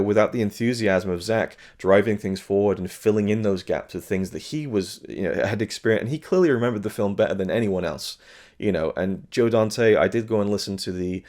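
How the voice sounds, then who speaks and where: A man's voice: on the low side, a little mellow. A man giving a frank, chatty spoken review of a film release as the host of his own channel. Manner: frank and chatty, with fillers and blunt remarks.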